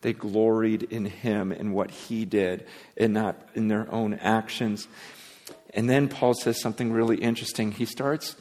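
A man's voice: fairly low pitch, measured pace. Man preaching, with hall reverb. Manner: emphatic, animated preaching. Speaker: pastor. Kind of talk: sermon. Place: church sanctuary. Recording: long reverb of a large hall.

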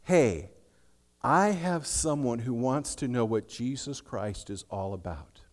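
A man preaching as a pastor, telling a story in a conversational sermon style with soft asides. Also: medium pitch, slow pace, big-room sound.

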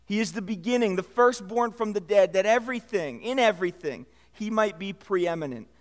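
A man preaching a sermon as pastor, pressing key words and letting phrase endings fall low. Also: expressive, moderate pace. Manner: preaching with rising emphasis and trailing low endings. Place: church sanctuary. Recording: long reverb of a church hall.

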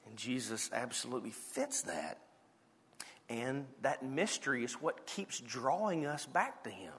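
A man with a Southern accent preaching a lively, playful sermon, dropping suddenly to quiet moments. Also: mid-range voice, measured pace, husky, in a large hall. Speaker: pastor.

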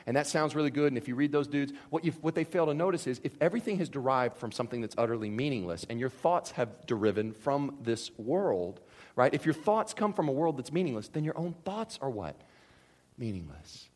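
Animated male preacher with a lively voice. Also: a little high, a little fast, long reverb tail. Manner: animated, acts out voices of imagined people. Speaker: pastor. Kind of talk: sermon.

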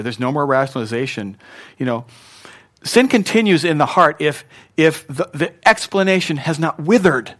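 A pastor with a somewhat high, animated voice preaches at a moderate pace, emphatically swinging from loud, punchy lines to quiet ones. He gets the congregation to repeat words back to him.

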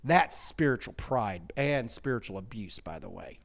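A man who pastors speaks in an easygoing, conversational teaching style. His pitch sits right in the middle, and his delivery turns emphatic and fired up, full of restarts. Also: animated, normal speed, gravelly. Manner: heated, emphatic, with frequent restarts and laughs.

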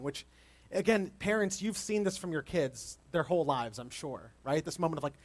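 High-voiced man preaching conversationally. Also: brisk. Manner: conversational, candid, gentle. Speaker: guest preacher. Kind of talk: sermon. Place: outdoor service.

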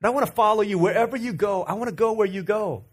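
A man voicing an excited, talkative male cartoon donkey who chatters eagerly. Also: high voice, fast talker, breathy edge, pitched above the performer's own voice.

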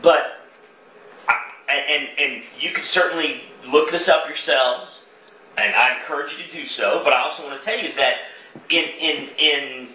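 A man's voice: on the high side, moderate pace, bright, forceful tone, a little hiss or hum. A man leading a church teaching session, talking conversationally, quizzing the room and repeating words as he thinks. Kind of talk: interactive teaching talk. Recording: echoey dull room sound from far off.

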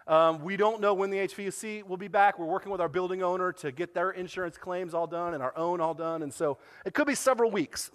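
A high-pitched man preaching in a church, telling a story with animated voices for each person he quotes. His voice rings with the long reverb of a large hall. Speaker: pastor. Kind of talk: sermon. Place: church sanctuary.

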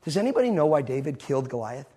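A male pastor preaching a sermon, telling a story with animated energy and acting out the scenes. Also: medium pitch, racing, slightly rough.

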